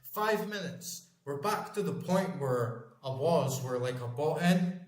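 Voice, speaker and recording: Here the same forties gaming host speaks slowly in a fairly high, animated voice. Recorded in an echoey room, he rambles casually with lots of emphasis and near-constant swearing.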